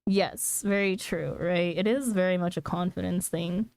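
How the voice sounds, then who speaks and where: A woman's voice: lowish voice, normal speed, vocal fry, darkish tone, smooth, no room sound. A woman streamer chatting casually with her viewers, laughing often and talking with lots of "like" fillers. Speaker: streamer reading chat. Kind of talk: casual chat.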